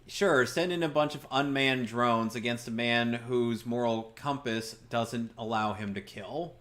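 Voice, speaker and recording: A man chats through a video game playthrough in a casual, wry way. His humor runs sarcastic and dry, and his voice sits at an ordinary middle pitch. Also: a little slow, fairly bright tone. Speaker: gameplay commentator. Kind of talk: casual let's-play chat.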